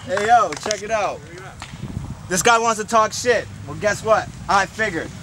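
A high-pitched man spits a brash, profane freestyle in a rap battle out in a park. His lines come loaded with boasts. The recording is noisy, with outdoor sound all around. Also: measured pace, fairly bright tone. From Lethbridge, Canada. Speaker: battle rapper.

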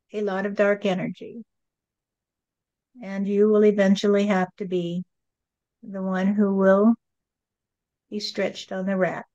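A woman working as a medium, speaking for a spirit in a slow, rhyming, preachy monologue that keeps asking "you see". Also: medium pitch, darkish tone, dull audio.

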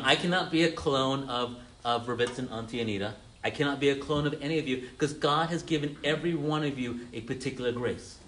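A man's voice: mid-range voice, fairly bright tone, a little hiss or hum. Man preaching an interactive sermon. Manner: calls on listeners, repeats their answers, frequent stammered restarts. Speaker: pastor teaching a congregation.

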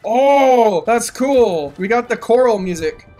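A man giving chatty let's-play commentary on his own gameplay, excitable and breaking into loud whoops and shouts. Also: very high voice, slow. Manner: chatty running talk to the viewer. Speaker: gaming channel host.

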